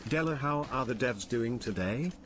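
A male text-to-speech voice reading viewer messages aloud in an even, mechanical way. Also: mid-range voice, normal speed, a crowd in the background. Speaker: text-to-speech donation reader. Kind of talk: synthetic read-out of viewer messages.

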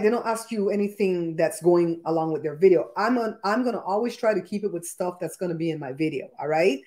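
A woman's voice: mid-range voice, darkish tone. A chatty woman hosts a live cooking stream from her home kitchen, talking into a laptop microphone. She keeps an upbeat, friendly flow, greeting viewers by name as she goes. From Belize. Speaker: cooking show host.

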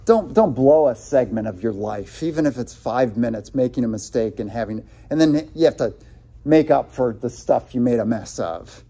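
A man's voice: medium pitch, warm tone, slightly rough. A male pastor preaching a sermon in a conversational way, with many fillers and restarts, quoting scripture as he goes.

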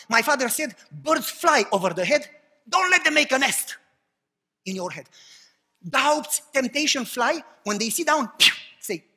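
A man preaching a passionate sermon, swinging between loud cries and hushed, low remarks. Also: big-room sound. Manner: impassioned preaching, swings from shouts to hushed tones.

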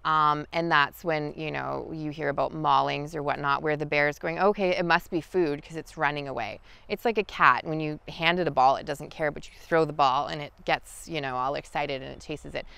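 A woman guiding an outdoor lesson in the forest, talking in a relaxed, chatty way with many fillers. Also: sits low, moderate pace, creaky, few pauses, smooth, dry recording. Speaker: wild food guide. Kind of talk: outdoor teaching talk.

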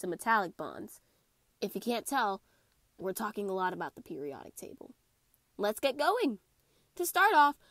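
A young woman with a stuffy, congested voice, hosting a playful, animated chemistry lesson. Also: on the high side, dry recording, clean studio sound. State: congested from a cold. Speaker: chemistry video host. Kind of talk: casual explainer lesson.

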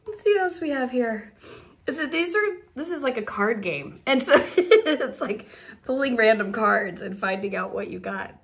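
A woman's voice: fairly high pitch, lively intonation, normal speed, gravelly. A woman leading a laughter class, playful and laughing often between her phrases.

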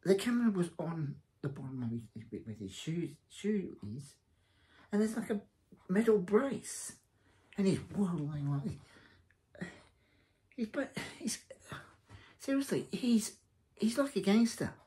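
Male reviewer, blunt and rambling, with a dark, mellow tone. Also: high-pitched, very animated, a little slow, pauses often. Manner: rambling, hesitant, blunt and scornful. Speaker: TV series reviewer. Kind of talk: casual spoken review.

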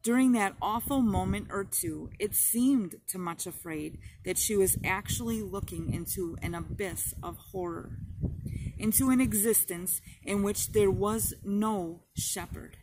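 A woman reads an audiobook aloud in a slow, measured way. Her voice sits at a middle pitch for a woman. The delivery is steady, unhurried storytelling. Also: slight background noise, rough recording. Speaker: audiobook narrator. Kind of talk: audiobook narration.

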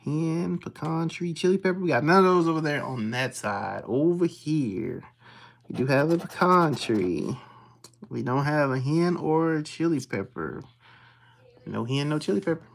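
A streamer, calling out scratch-off symbols one by one and muttering quietly while checking them. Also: mid-range voice, measured pace, creaky. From Texas. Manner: reads symbols aloud in a steady list, dropping to hushed mutters when checking. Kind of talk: casual play-by-play of scratching tickets.

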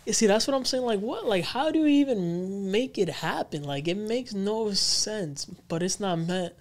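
A podcast co-host with a high, expressive voice tells a creepy story on a paranormal show at a moderate pace. His telling is rambling and slangy, packed with fillers.

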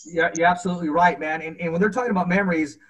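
Male podcast host, high voice, animated anecdote style. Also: rapid-fire, highs cut off. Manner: animated, acts out quotes. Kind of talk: storytelling in casual interview.

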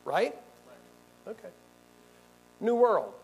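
A male pastor leads a Bible class in a combative, sarcastic way, firing questions at his listeners. His voice sits fairly high for a man. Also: very animated, very slow, a little mellow, breathy edge, soft background music, low-quality recording. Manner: combative, sarcastic, quizzes the audience.

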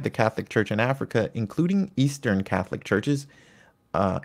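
A man's voice: fairly low pitch, gravelly. A man presenting a casual lesson on church history, talking conversationally with asides and personal anecdotes. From United States. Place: home in Virginia.

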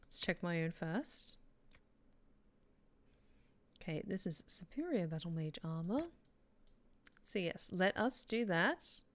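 A woman streams a game in a fairly low, expressive voice, speaking slowly and pausing often. Her casual let's-play chat is full of fillers, and she reads in-game notes aloud as she goes.

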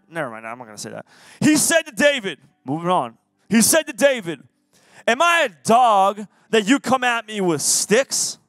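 A man giving an energetic, casual, jokey youth sermon as a youth pastor. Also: sits high, dry recording. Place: youth service hall.

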